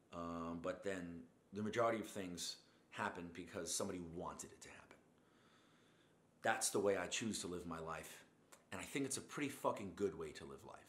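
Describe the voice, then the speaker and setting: The host of a show rants to motivate, bluntly and profanely, drifting into tangent after tangent and cursing constantly. His voice is lowish and a bit bright, with a reverberant sound.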